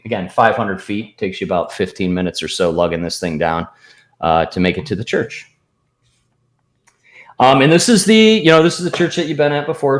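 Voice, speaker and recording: A man's voice: mid-range voice, reverberant. A man narrating as game master, rambling with hesitant restarts.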